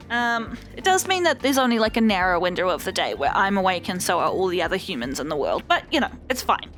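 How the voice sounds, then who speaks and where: A woman casually chatting and rambling as she hosts a let's play video, with animated swings in her voice. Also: lowish voice, brisk, few pauses, faint music behind. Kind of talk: casual gameplay commentary.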